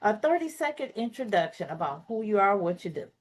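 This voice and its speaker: A woman with a Southern US accent hosts a talk show over a video call in a chatty, affectionate manner. Her voice sits in a middle pitch. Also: sing-song, brisk. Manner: chatty, affectionate, jokes with the guest. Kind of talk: lively casual talk show hosting.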